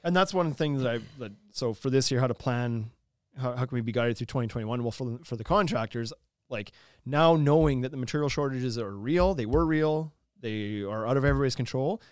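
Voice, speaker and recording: A man talking quickly on a podcast, piling up thoughts with frequent restarts and filler words. His voice sits at an ordinary middle pitch and sounds close and dry, with no room around it. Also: a little mellow, clean tone, no echo. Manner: quick, rambling, many "like"s and restarts. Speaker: podcast co-host. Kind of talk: casual podcast chat.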